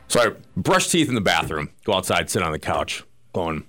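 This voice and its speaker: A man's voice: deep voice, expressive, quick pace, a bit bright, soft background music. A man co-hosting a radio talk show, telling a long story with lots of restarts and acted-out asides in a casual studio chat.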